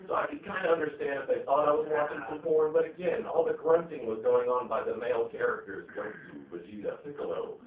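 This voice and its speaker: A man's voice: fairly high pitch, fairly quick, few pauses. A man doing a stand-up set, rambling and profane, with lots of fillers. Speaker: stand-up comedian. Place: comedy venue stage. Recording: echoey, tinny, distant live recording.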